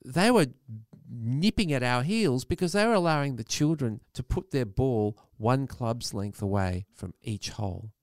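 A man's voice: mid-range voice, measured pace, few pauses, no echo. Middle-aged aussie guy grumbling away for laughs on a podcast, voice jumps all over, dry close sound. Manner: mock-grumpy, animated storytelling. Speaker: podcast co-host. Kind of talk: casual comedic chat.

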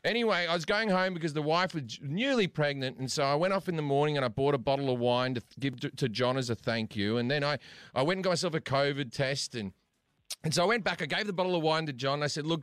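An Australian man with a fairly high voice tells a story on a podcast, getting animated and laughing as he goes. He restarts his sentences often. The sound is close and dry. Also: quick pace, no room sound. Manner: animated, laughing, repeats words. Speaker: podcast host. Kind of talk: casual storytelling.

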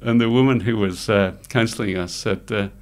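A middle-aged man, telling lively stories as an interview guest and laughing often. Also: on the low side, fairly quick. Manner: animated anecdotes, laughs often, acts out quoted voices. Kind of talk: storytelling in conversation.

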